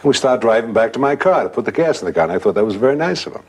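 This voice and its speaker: A man's voice: medium pitch, animated, rapid-fire, breathy edge. An older man telling a ghost story from his own life in a conversational way.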